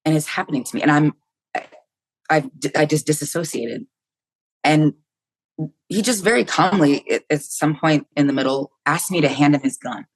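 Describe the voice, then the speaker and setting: A woman's voice: low-pitched, normal speed. A woman in her fifties from the United States, speaking as a podcast guest. She tells a personal story candidly and vividly, voicing her own thoughts aloud and swearing freely along the way.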